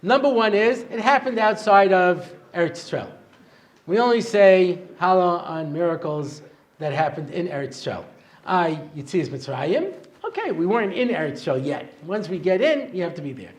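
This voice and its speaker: High-voiced joking rabbi. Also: male voice, animated, normal speed. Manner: joking storyteller, chuckles at his own jokes. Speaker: rabbi giving a talk. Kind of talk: humorous Torah lecture with jokes. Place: lecture hall with a live audience.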